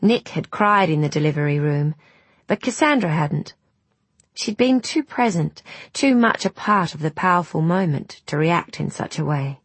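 A woman narrating a novel in a calm, measured storytelling voice. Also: low voice, breathy edge, dry recording. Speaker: audiobook narrator. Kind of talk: scripted narration.

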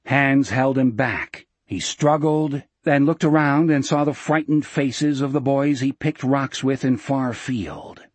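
A man narrating an audiobook in a measured, dramatic storytelling manner. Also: mid-range voice, dry recording.

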